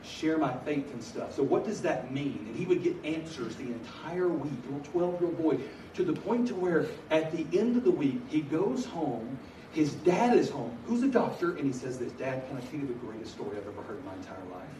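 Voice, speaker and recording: A middle-aged man preaching a story with humor, animated, shifting from loud bursts to hushed earnest telling. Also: fairly high pitch, fairly quick, hardly any pauses. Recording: echoey hall from far off, noisy.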